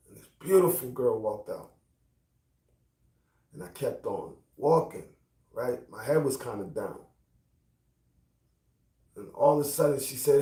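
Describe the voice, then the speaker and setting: A middle-aged man telling a personal story in a profane, animated rant. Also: mid-range voice, unhurried, long pauses. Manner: animated, profane, builds to angry outbursts. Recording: roomy, distant from mic.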